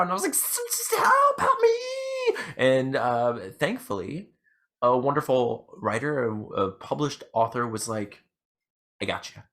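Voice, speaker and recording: A young man hosts a casual chat podcast at an ordinary, mid-range pitch. He rambles and restarts his sentences often. He jokes at his own expense as he talks. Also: a bit bright. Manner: rambling, self-deprecating, lots of fillers and restarts. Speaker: podcast host.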